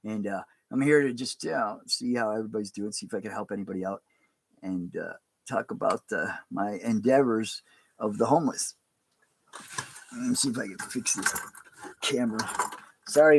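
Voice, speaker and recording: A pastor with a mid-range voice talks on a livestream. His delivery is casual, rambling and halting.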